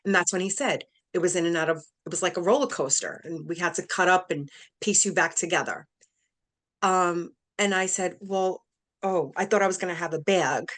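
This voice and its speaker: A woman's voice: lowish voice, normal speed, a bit bright. Woman telling an emotional personal story. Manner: emotional, acts out quoted voices. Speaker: interview guest.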